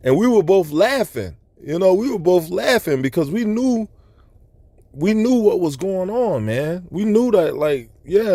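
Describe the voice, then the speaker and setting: A man's high, very animated voice carries an unhurried religious testimony about a vision he had. Mellow in tone and dryly recorded, he tells it earnestly and rambles, scattering "you know" asides throughout.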